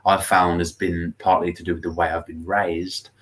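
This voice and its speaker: A man's voice: deep voice, normal speed. A man from England with a Birmingham accent, co-hosting a podcast in casual, teasing chat. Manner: playful, teasing, animated. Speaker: podcast co-host.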